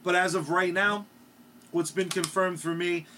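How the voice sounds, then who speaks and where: A man's voice: high-pitched, fairly even intonation, unhurried, bright, forceful tone, a little hiss or hum. A male podcast co-host in casual comedic chat, rambling and hesitant, with crude jokes and many asides.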